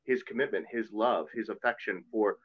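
A man's voice: fairly low pitch, normal speed, breathy edge, muffled recording. A man who is a Catholic priest, chatting earnestly and at length on a podcast. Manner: earnest, talkative, self-deprecating. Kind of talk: casual podcast chat.

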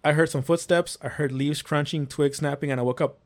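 A man's voice: fairly high pitch, fairly even intonation, brisk. A man hosting a casual podcast, reading paranormal accounts aloud with small slips and restarts.

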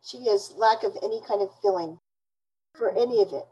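A woman being interviewed, recounting events in a halting, indignant way with many restarts. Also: mid-range voice, warm tone, husky, low-quality recording. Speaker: interview guest.

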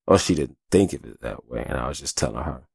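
A man's voice: very deep voice, expressive, quick pace, gravelly, a little mellow, husky, no room sound, studio quality. A man hosting his own podcast, telling stories in a loose, profane, chatty way and often asking "you know what I'm saying". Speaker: podcast host. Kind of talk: casual storytelling monologue.

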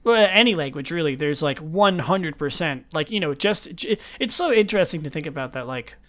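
A man's voice: fairly high pitch, expressive, fairly quick, a bit bright. A young man hosting a podcast, chatting casually, rambling with lots of restarts and laughs. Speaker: podcast host. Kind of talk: casual chat.

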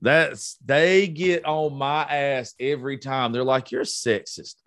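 A man's voice: medium pitch, steady tone, slow pace, fairly bright tone, no echo, clean studio sound. Blunt, swearing man in his thirties. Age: 30s. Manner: blunt and profane, getting heated. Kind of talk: casual chat.

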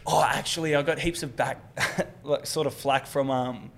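A man's voice: medium pitch, fairly even intonation, moderate pace, creaky. Swearing young Australian man telling stories. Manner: swears freely, laughs through his stories, quotes people in put-on voices. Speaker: guest comedian. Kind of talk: casual podcast storytelling.

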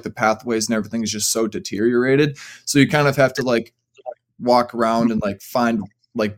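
A young man tells a long story as a podcast guest. He rambles along, packing his sentences with fillers, in a voice of ordinary middle pitch for a man. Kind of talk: casual storytelling.

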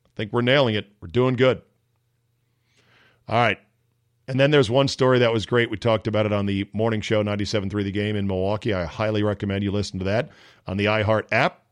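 A man's voice: lowish voice, level tone, quick pace, no echo, clean studio sound. A man hosting a daily sports talk podcast, riffing sarcastically on the news in a casual, joking way. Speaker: sports radio host. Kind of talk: casual solo commentary.

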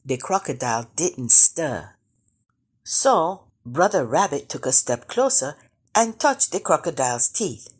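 A woman reading a children's picture book aloud, slow and expressive. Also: low voice, slightly rough. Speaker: storyteller.

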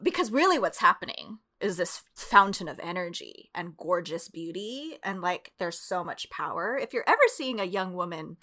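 Bright, animated woman telling stories. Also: lowish voice, moderate pace, hardly any pauses. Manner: animated and expressive, heavy use of "like". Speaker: podcast guest. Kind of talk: candid conversational storytelling.

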